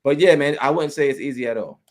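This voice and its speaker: A man, an actor, talking casually in an interview, with relaxed, halting speech full of restarts and easy laughter. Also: fairly high pitch. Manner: relaxed, many restarts and repeated words, laughs often. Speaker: actor and guest.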